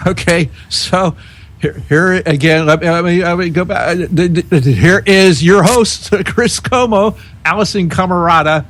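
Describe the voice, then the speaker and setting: A man co-hosting a talk radio show, talking in halting starts and restarts and laughing as he reads news aloud. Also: high-pitched, fairly bright tone. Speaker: co-host. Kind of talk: casual political talk radio.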